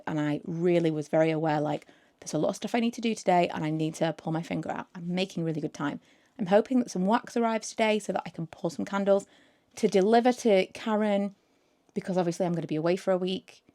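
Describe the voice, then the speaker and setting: Woman, 30s, casual vlog chat, rambling, slightly low voice. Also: fast, dark tone. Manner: chatty and rambling, with frequent fillers. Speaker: vlogger. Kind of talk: casual chatty vlog to camera.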